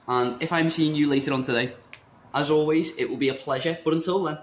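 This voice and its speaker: A man's voice: fairly high pitch, brisk. Young man, shop presenter, chatty and upbeat, playful wording, echoey shop room, faint background noise. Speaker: vape shop staff presenter. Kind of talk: casual product rundown vlog. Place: indoor vape shop. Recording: roomy shop echo.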